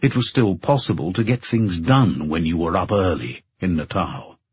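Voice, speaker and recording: Deep, husky male audiobook narrator. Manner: measured, even storytelling. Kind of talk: scripted narration. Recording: dull dry narration recording.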